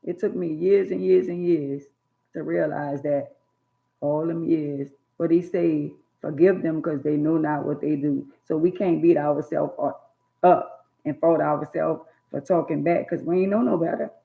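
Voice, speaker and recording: Raspy-voiced woman on a tinny line. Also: sits low, measured pace. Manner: animated, acts out scolding parents in loud bursts. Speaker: storyteller recalling childhood. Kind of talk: casual chat. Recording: tinny phone-like sound.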